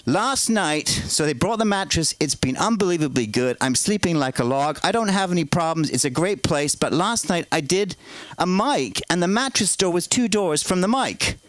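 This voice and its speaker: A man performs stand-up at a small comedy club, talking in a high voice that leaps up and down. He rambles through absurd tales deadpan, as if each odd turn were ordinary. The sound is close and dry. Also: moderate pace, dry recording, poor audio. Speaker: open mic comedian.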